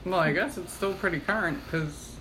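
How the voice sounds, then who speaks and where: A woman's voice: lowish voice, normal speed, a bit bright, a little hiss or hum. A woman co-hosting a casual podcast discussion, telling stories in a rambling way full of fillers. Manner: rambling, filler-heavy storytelling. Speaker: podcast co-host.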